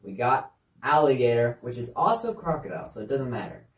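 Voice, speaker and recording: A woman's voice: a bass voice, lively intonation, a little fast. A woman casually demonstrating sign language signs for a kids' lesson, chatty and easygoing with offhand asides. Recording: echoey room, distant mic.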